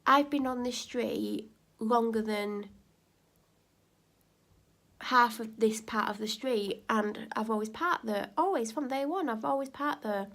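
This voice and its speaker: Animated woman telling a story. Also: a little high, gravelly. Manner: animated, rising to near-shouting when retelling an argument. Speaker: vlogger. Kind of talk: casual storytelling vlog.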